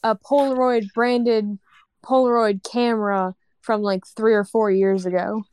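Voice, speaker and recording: Young woman, wry teasing chat, smooth clear voice, dry recording. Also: fairly high pitch, fairly even intonation, unhurried, a little mellow, dry recording. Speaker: podcast co-host. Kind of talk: casual chat.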